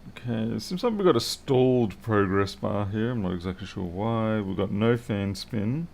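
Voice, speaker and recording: A man's voice: on the low side, normal speed, gravelly, a little mellow, a little hiss or hum. A man thinking aloud and muttering to himself as he works through a live repair stream. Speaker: electronics repair technician.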